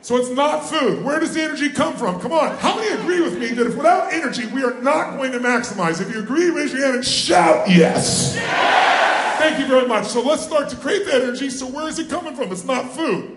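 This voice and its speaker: A man giving a motivational seminar, rallying a live audience with questions and call-and-response, often shouting. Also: very high-pitched, expressive, quick pace, hardly any pauses, very noisy. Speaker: motivational speaker. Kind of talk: live seminar address to a crowd. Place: large event hall with a live audience. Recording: echoey hall, faint ambience.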